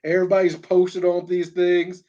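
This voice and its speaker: A man's voice: high-pitched, monotone, moderate pace, warm tone. A man co-hosting a casual podcast chat, talking things through in a conversational way and posing rhetorical questions. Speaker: podcast co-host. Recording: dull lo-fi audio.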